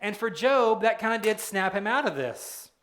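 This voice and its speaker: A man with a high voice delivers a casual sermon and talks to the congregation like a friend, dropping joking asides and acting out the voices he quotes. The sound is roomy and echoey, as if it were recorded in a church hall. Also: lively intonation, moderate pace, fairly bright tone. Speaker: pastor.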